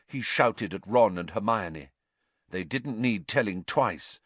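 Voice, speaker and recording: A man reading a story aloud as narrator, measured and expressive. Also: fairly low pitch, no echo. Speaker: audiobook narrator. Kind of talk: scripted narration.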